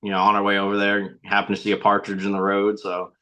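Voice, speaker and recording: A man's voice: on the low side, monotone, quick pace, pushed and bright, rough recording. A young man, a podcast guest, telling a story in a plain, matter-of-fact way. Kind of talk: casual storytelling.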